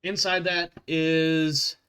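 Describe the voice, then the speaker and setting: Male GM, relaxed tabletop narration with offhand corrections. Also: on the high side, very slow, smooth. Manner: casual, laughing asides and self-corrections. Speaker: game master.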